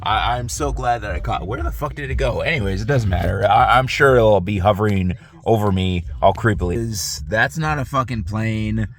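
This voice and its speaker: A man's voice: fairly low pitch, moderate pace, few pauses. A man ranting casually to camera, profane and rambling, often restarting his sentences. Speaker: vlogger.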